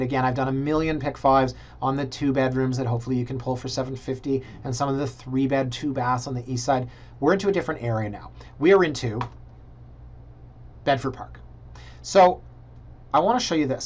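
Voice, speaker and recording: Man, thirties, chatty realtor, jokey asides, mid pitch, dull lo-fi audio. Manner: chatty, joking asides, thinks aloud. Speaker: realtor reviewing listings. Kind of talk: casual screen-share vlog commentary. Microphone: computer mic.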